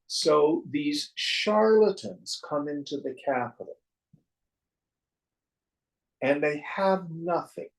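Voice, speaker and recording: A man teaching spiritual verses to a class, speaking slowly and with wry humor. His voice sits fairly high and carries a gravelly fry. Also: low-quality recording. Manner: storytelling, wry and joking.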